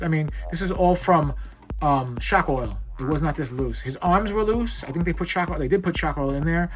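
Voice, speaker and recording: A man's voice: on the high side, brisk, faint music behind. A man reviewing an action figure in a casual, blunt and frustrated way, rambling as he fiddles with it at home. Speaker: toy reviewer. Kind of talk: casual chat.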